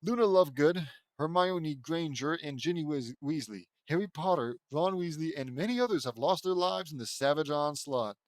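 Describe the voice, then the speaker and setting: A man's voice: on the high side, animated, normal speed, dry recording, studio quality. A young man reading fan fiction aloud and breaking off with sarcastic, bemused comments. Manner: sarcastic, riffing, stumbles and laughs at the text.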